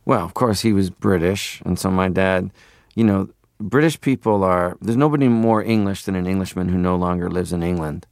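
A man's voice: low-pitched, normal speed, dry recording, studio quality. A man from Canada, a film guest, telling reflective stories in an interview and slipping into impressions. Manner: reflective, animated, slips into impressions. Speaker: guest, filmmaker.

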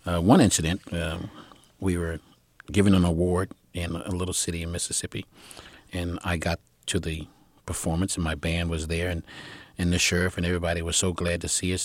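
A man's voice: low-pitched, fairly quick, no room sound. A man telling a long anecdote in an interview, rambling with fillers and acting out the people in his story. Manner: animated storyteller who acts out the people in his stories. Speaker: interviewee recounting his music career.

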